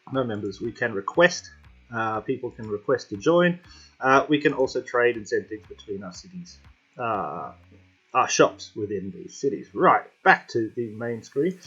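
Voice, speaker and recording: A man running a gaming channel chats casually while playing, talking both to himself and to the game in let's-play style. His medium-pitched voice is fairly bright with a breathy edge, recorded on a slightly dull lo-fi home mic with faint music behind him.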